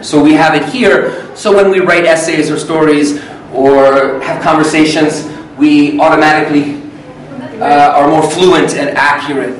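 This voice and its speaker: A man's voice: on the high side, fairly even intonation, moderate pace, a little hiss or hum. A man leading an English workshop for teachers and students, showing rhythm and intonation by saying phrases aloud. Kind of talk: live classroom workshop teaching. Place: large hall with an audience. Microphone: far from the microphone. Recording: echoey hall, voice from far off.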